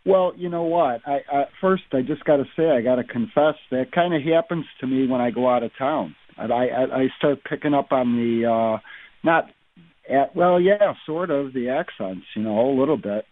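A man calling in to a radio show, speaking in a hesitant, halting way. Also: medium pitch. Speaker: caller. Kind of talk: casual phone-in chat. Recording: tinny phone line.

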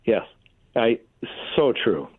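A man's voice: medium pitch, very animated, takes it slowly, slightly rough, dry recording. A man co-hosting a political talk radio show, rambling and restarting his sentences in casual chat. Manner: rambling, restarts sentences, frequent "you know". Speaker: radio co-host. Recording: tinny phone-like radio line.

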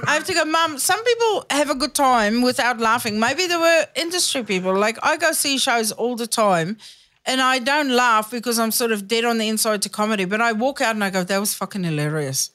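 Lively, swearing woman host. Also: a little high, fairly quick. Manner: animated, swearing, acts out voices in anecdotes. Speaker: podcast host. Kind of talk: casual chat.

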